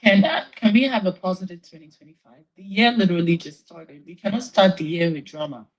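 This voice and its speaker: A woman's voice: fairly low pitch, brisk, slightly rough, dull audio. A woman on a live stream, tired and tearful, pleading with her fans. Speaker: livestreamer addressing fans.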